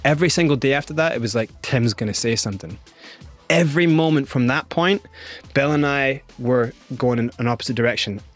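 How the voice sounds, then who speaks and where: A man's voice: medium pitch, a little fast, soft background music. A middle-aged Scottish man telling his story as an interview guest, acting out the voices of other people as he goes.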